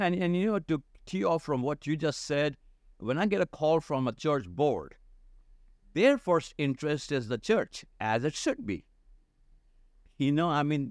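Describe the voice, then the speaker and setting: A man's voice: fairly high pitch, no room sound, clean studio sound. A middle-aged man, a church leadership consultant, talking earnestly in a podcast interview and repeating phrases for emphasis.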